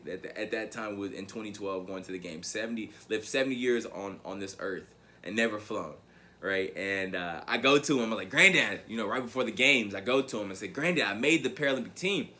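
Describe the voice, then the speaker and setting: A man's voice: on the low side, normal speed, pushed and bright. A man in his thirties giving a motivational keynote, telling a story with emphatic repeats. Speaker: motivational speaker.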